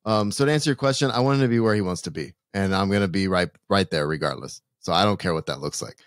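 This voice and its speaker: A man with a lowish voice, talking earnestly on a podcast with plenty of restarts. The sound is dry and close, with no room around it. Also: no echo. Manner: earnest, halting, many restarts and laughs. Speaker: podcast co-host. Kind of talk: casual podcast chat.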